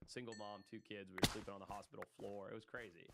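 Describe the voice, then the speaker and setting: A man's voice: lowish voice, flat delivery, gravelly. A man in his thirties, raised in Zimbabwe, telling his story as a podcast guest in a chatty way, with lots of fillers. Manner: rapid, chatty, frequent fillers. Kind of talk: casual storytelling. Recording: loud background noise with clicks.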